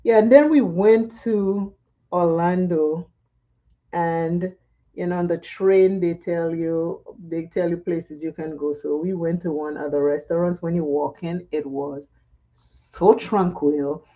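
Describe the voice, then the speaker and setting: A woman's voice: lowish voice, steady tone, takes it slowly, mellow. A woman chatting casually and laughing often while she does her makeup for a vlog. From Caribbean. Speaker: makeup vlogger. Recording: dull lo-fi sound.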